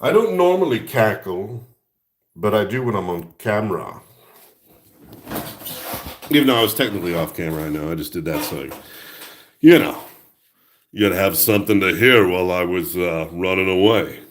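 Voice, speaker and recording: A man's voice: low-pitched, brisk, fairly bright tone. A man hosting a crafting video, chatting playfully and talking to himself while he works, humming little tunes now and then. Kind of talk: casual talk while crafting.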